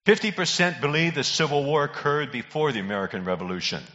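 Folksy older preacher in a reverberant church. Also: male voice, fairly high pitch, big pitch swings, fast talker, sharp tone. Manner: folksy joke-telling preacher who calls out to congregation members. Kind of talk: sermon. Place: church sanctuary. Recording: dull recording in a reverberant hall.

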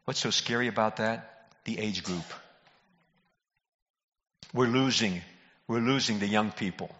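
An older male preacher with a bright, pressing voice leans into a folksy sermon, trading quips with his congregation. His words ring out through a church hall with a long echo, captured on a dull, muffled recording. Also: lowish voice, unhurried. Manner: folksy joke-telling preacher who calls out to congregation members. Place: church sanctuary.

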